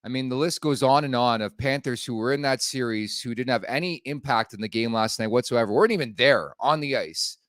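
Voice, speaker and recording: A man's voice: mid-range voice, fairly quick, few pauses, fairly bright tone, no room sound, clean studio sound. A man hosting a sports podcast, talking in a blunt, casual way and swearing freely. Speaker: podcast host.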